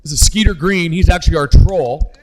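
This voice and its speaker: A man's voice: fairly high pitch, fairly quick, low-quality recording. Joking middle-aged male publisher. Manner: jokey, introduces people in a loose rambling way. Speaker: game publisher. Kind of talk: casual convention interview. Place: busy convention floor.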